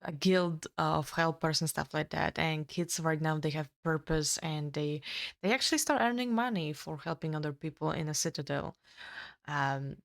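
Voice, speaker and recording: Female co-host, low voice, halting plot recap. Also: creaky. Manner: halting, many ums and restarts. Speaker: book reviewer co-host. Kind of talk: casual chat, retelling a plot.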